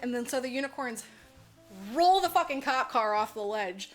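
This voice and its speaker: A woman's voice: a little high, lively intonation, normal speed, faint music behind. Casual rambling woman recapping a film. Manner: rambling, full of "like" and swearing. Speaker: podcast co-host.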